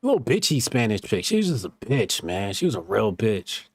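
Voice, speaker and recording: A man with a lowish, slightly breathy voice speaks at a moderate pace with no echo. He's a podcast host telling stories in a casual chat, swearing a lot and animatedly acting out quotes.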